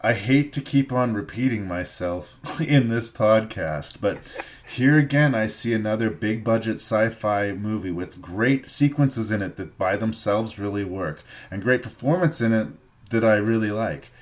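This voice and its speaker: A man from Canada hosting a podcast, giving a thoughtful, measured film review in casual chat and repeating phrases for emphasis. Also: lowish voice. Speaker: podcast host.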